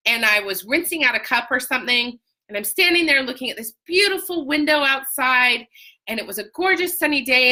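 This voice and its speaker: A woman talking casually to viewers in a live video, telling an emotional personal story with animated, sudden high outbursts and greeting viewers by name. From Utah. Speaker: life coach sharing a personal story.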